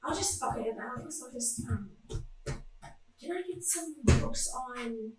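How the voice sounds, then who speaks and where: A woman's voice: a little high, lively intonation, unhurried, a little mellow, very echoey, soft background music. A woman playing a tabletop game, chatty and full of "like" fillers. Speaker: player. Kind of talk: casual tabletop play.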